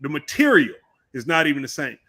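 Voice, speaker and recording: A man's voice: a little high, very animated, fairly quick, pushed and bright, slightly rough. A man co-hosting a basketball podcast, arguing his point insistently in casual chat. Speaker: podcast co-host.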